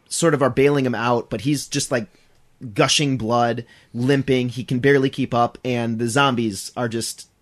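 A man in casual chat, animatedly recounting a story and acting out the characters. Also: mid-range voice. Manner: animated retelling, acts out characters.

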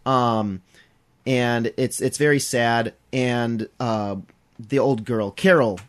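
A man's voice: medium pitch, slow. Man animatedly retelling a TV episode. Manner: animated retelling, acts out characters. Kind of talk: casual chat.

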